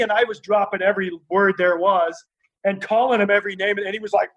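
A man telling rambling, animated stories in a casual interview, full of fillers and restarts. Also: high voice, a little fast, highs cut off. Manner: laughs while telling stories. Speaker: interview guest, former wrestler.

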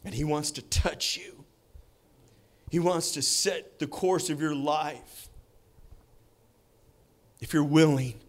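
A man preaching in a church, telling a personal story slowly with dramatic pauses. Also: fairly high pitch. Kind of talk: sermon with personal testimony. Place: church sanctuary.

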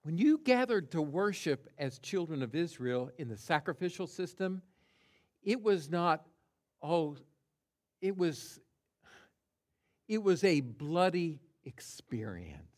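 A man preaching at a slow, measured pace in a fairly high voice. He leans hard on single words and swings from hushed to loud, as a pastor does in a sermon. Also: very animated. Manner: deliberate, stresses single words.

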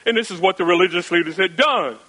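A male pastor delivers an expository sermon in a bright, forceful, fairly high voice, talking fast. He relies on rhetorical questions and emphatic repetition, moving between raised and hushed passages, and the audio is poor.

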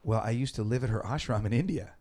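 A man's voice: medium pitch, quick pace, dark tone. A man, in his forties, telling a rambling story in a laid-back, casual conversation. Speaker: podcast host.

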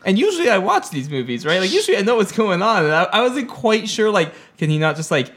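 Blunt, profane man, somewhat high voice. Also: sing-song, fast talker, a bit bright. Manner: blunt and profane, thinks aloud. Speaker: podcast co-host. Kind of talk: casual chat.

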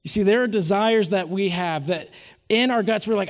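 High-voiced earnest male preacher. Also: normal speed. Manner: earnest storytelling. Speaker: retreat speaker teaching scripture. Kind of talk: sermon. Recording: long hall reverb.

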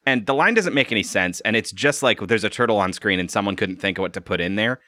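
A man hosting a casual podcast chat about a cartoon, animated and laughing, often restarting his sentences. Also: lowish voice, fast.

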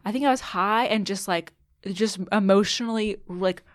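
A young woman in her twenties telling a personal story in casual chat, animated and full of filler words, acting out what people said. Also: mid-range voice, normal speed, no echo, studio quality. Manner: animated, lots of "like", acts out quotes. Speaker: guest.

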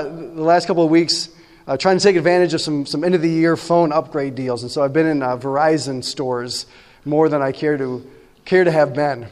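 A man's voice: a little high, darkish tone, in a large hall. A man preaching a sermon as pastor, talking conversationally and often asking his listeners "right?".

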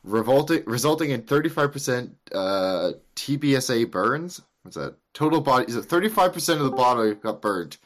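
A man's voice: mid-range voice, animated, normal speed, few pauses. A man co-hosting a podcast, telling stories in a rambling way with frequent swearing. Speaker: podcast co-host. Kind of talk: casual chat.

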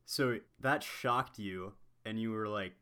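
Low-voiced male interviewer, gentle questions. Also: takes it slowly, smooth. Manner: asks short, gentle follow-up questions. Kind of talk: casual conversational interview.

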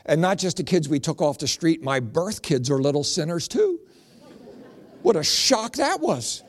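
A middle-aged man from Pennsylvania doing stand-up comedy as a comedian and preacher, telling animated stories with punchy jokes. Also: on the high side, normal speed.

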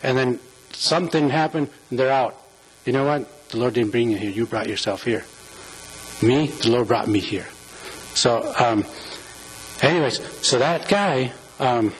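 A man with a husky, slightly breathy voice preaches in a church, his delivery halting and full of restarts as he talks earnestly. He sounds moved, close to tears. A low mains hum sits under the recording. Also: low-quality recording. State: emotional, near tears. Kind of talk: informal sermon.

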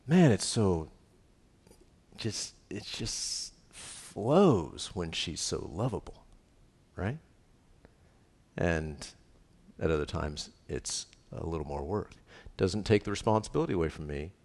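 Deep-voiced man preaching in a reverberant hall. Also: slow. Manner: lively, conversational preaching with frequent "right?" asides. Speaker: pastor. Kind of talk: sermon.

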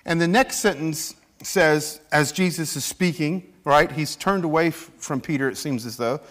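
A man's voice: on the high side, normal speed. A man preaching a sermon in a church, acting out scripture quotes as he goes. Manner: animated, acts out scripture quotes. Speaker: pastor.

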